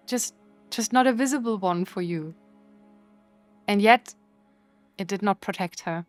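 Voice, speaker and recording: A playful woman streamer talks to her chat in a mid-pitched voice, swinging into mock outrage and teasing. The sound is dry and close, with faint music under her voice. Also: a little slow, pauses often, no room sound. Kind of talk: casual chat with live chat.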